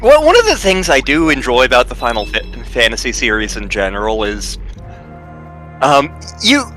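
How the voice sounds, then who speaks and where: A man from Virginia co-hosting a game stream, chatting and rambling with quick jokes. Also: medium pitch, sing-song, fairly bright tone, faint music behind. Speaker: co-host. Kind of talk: casual chat while streaming a game.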